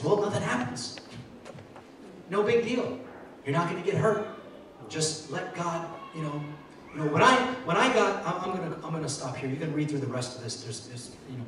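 An earnest male pastor preaching, stumbling over repeated words and rising into excited bursts. His voice comes from a distance in a very echoey church hall. A faint hiss sits under it. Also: medium pitch. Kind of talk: sermon. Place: church sanctuary. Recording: echoey hall, mic far off, faint noise.

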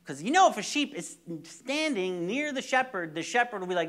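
A man's voice: sits high, big pitch swings, brisk, a bit bright. A young man preaching a sermon, telling stories animatedly with repeated words and sudden drops to near-whispers. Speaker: pastor.

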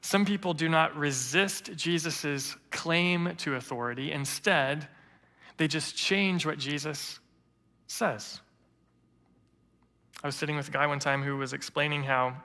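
A man's voice: fairly high pitch, measured pace, creaky, long pauses. A man serving as interim lead pastor, preaching an earnest sermon in a storytelling manner. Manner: earnest storytelling preacher, quotes others in lively voices. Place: church sanctuary. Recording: church hall reverb.

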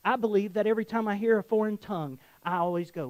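A man's voice: sits high, quick pace, no room sound, poor audio. A man with a Southern US accent preaching a sermon to his congregation, conversational with joking asides. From Southern United States. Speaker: pastor. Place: church sanctuary.

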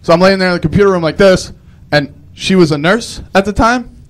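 A man's voice: sits high, fairly quick. A young man doing a live stand-up set, telling rambling self-deprecating stories with frequent restarts. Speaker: stand-up comedian.

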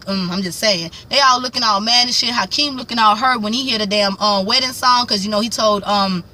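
A woman's voice: mid-range voice, fairly quick, bright, forceful tone. A young woman, bluntly recapping a TV episode in casual profane talk and acting out the characters' lines. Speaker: TV recap vlogger.

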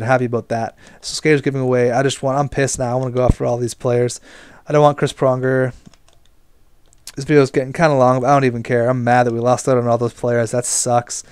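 A man's voice: medium pitch, darkish tone, clear, resonant tone, dry recording. A young man giving casual gameplay commentary as he manages a hockey team, talking to himself, getting frustrated and swearing. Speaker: gaming commentator.

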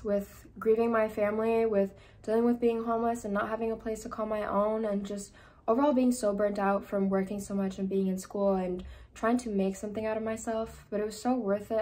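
A woman's voice: mid-range voice, darkish tone. A young woman in her twenties speaking earnestly in a personal vlog, sharing a hard story and sometimes close to tears. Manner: earnest, emotional, tearful at times. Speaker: vlogger. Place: indoors, seated.

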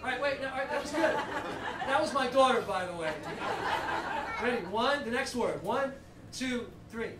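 A man's voice: extremely high pitch, lively intonation, normal speed, over a noisy crowd. A man leading a shofar service as cantor, chatty and joking as he conducts the congregation. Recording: echoey hall, far from the mic, noisy.

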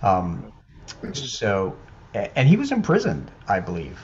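A man's voice: fairly low pitch, wildly swooping pitch, measured pace, a little mellow. Hesitant man, muffled call audio. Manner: hesitant, many ums and restarts. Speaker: medium and paranormal investigator. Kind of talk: casual video chat storytelling.

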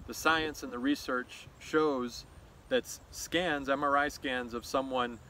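Male host, reflective outdoor monologue, mid-pitched, thoughtful and unhurried, faint outdoor noise behind. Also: fairly even intonation, bright, forceful tone, poor audio. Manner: thoughtful, unhurried, with fillers and restarts. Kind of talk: reflective walk-and-talk monologue. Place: outdoors on a nature trail.

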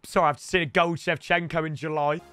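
A young man giving live commentary on his gameplay, excitable and often shouting and ranting at the game. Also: a little high, brisk, clear, resonant tone, no echo, faint music behind. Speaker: gaming YouTuber.

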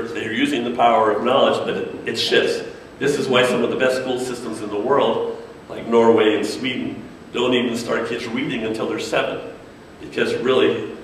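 Speaking at a normal pace and medium pitch, this man addresses an audience informally about creating children's media, performing kids' and characters' voices with lively energy. Slight background noise is present, and the room recording is echoey and far off.

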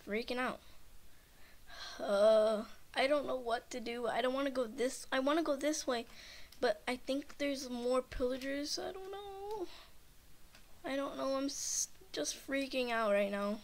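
A woman's voice: high voice, fairly even intonation, measured pace, slight background noise. A shaken, nervous woman gives rambling, frightened commentary on her own gameplay and keeps repeating herself. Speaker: gamer, channel host.

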